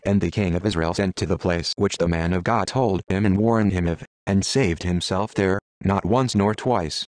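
A man giving a measured, solemn reading of King James scripture. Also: deep voice, a little mellow, no echo. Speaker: Bible reader.

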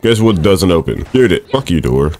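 A young man casually commentating his own gameplay, excitable and swearing at the screen. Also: low-pitched, normal speed. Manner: excitable, swears and laughs often, talks to the screen. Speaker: gaming streamer. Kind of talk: let's play commentary.

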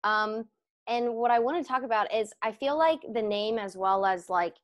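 A woman's voice: a little high, normal speed. A woman hosting a podcast, chatty and friendly, with many fillers. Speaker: podcast host. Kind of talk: casual interview chat.

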